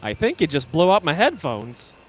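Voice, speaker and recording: A man pitches a silly idea over voice chat, circling back and tripping over his words as he goes. His pitch swings around in a lively way. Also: moderate pace, breathy edge, faint music behind. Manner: rambling, stumbles while explaining ideas. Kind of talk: casual chat.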